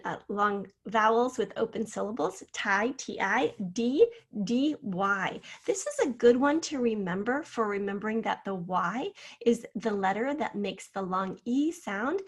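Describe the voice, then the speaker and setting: A woman teacher talks fifth graders through a spelling lesson. She breaks each word into syllables and names the letters one by one. Her pitch sits in the middle of the range. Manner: slow, clear syllable-by-syllable spelling out.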